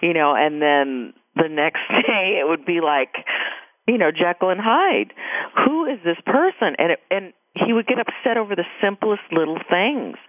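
A middle-aged woman, a guest author and caregiver, telling her story in a radio interview with emphatic, animated delivery and acted-out quotes. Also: on the low side, normal speed, no room sound. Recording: dry tinny phone line.

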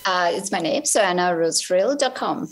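A woman's voice: fairly low pitch, expressive, normal speed. A woman guest on a panel, speaking a little hesitantly with fillers. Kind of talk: casual chat.

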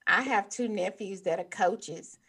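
A middle-aged woman in casual chat, telling expressive stories and often breaking into laughter. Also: medium pitch, unhurried, husky.

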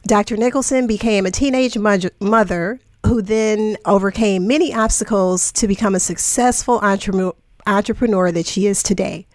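A woman's voice: mid-range voice, dry recording. A woman hosting a podcast in a studio, introducing her guests with enthusiasm and chatting casually. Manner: enthusiastic, effusive. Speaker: podcast host. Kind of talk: upbeat show introduction and casual chat.

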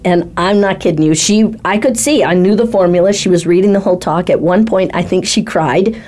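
Speaking coach, female, lively storyteller with a warm, slightly low voice. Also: brisk. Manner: lively, acts out quoted voices. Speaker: speaking coach and talk ghostwriter. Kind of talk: animated storytelling in a panel chat.

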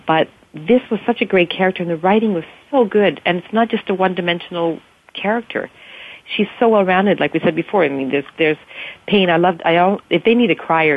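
A woman actress talking about her work in a casual interview, gushing and enthusiastic, often restarting her sentences. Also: lowish voice. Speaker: actress guest. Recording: tinny phone line.

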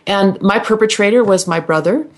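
A middle-aged woman with a mid-range voice appears as a guest healer on the radio. She recounts her personal history sincerely, stumbling, starting over, and repeating herself.

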